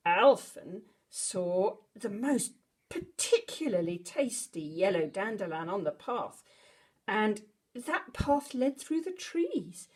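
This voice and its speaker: Female storyteller, breathy voice, slow and expressive bedtime reading. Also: medium pitch. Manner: expressive, dramatic gasps and animal noises. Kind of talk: bedtime story read to children.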